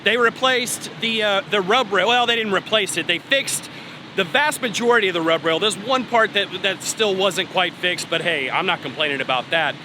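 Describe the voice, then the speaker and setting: A man's voice: high voice, moderate pace. A man vlogging about his trucking work, talking casually and upbeat, with restarts and trailing asides, outdoors at a truck stop. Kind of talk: casual vlog talk to camera. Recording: outdoor traffic and vehicle noise.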